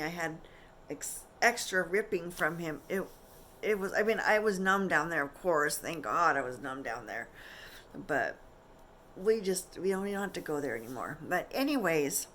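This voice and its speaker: A woman's voice: lowish voice, slight background noise. A middle-aged woman vlogger telling a personal story to camera in a chatty, candid way, acting out what others said. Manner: chatty, candid, animated retelling with quoted voices.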